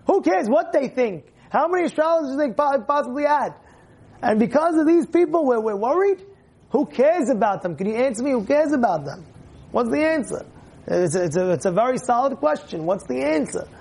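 Man as religious teacher, animated, keeps asking the audience questions, acts out scenes. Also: extremely high pitch, brisk, creaky, husky. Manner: lively, questions the listeners, acts out stories. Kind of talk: animated Torah lesson.

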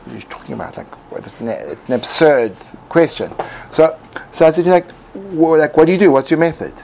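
A man's voice: on the high side, animated, brisk, vocal fry, a little mellow, rough recording. A man giving a reflective talk as host, musing aloud with frequent restarts. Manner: musing, many restarts and fillers. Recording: faint background noise.

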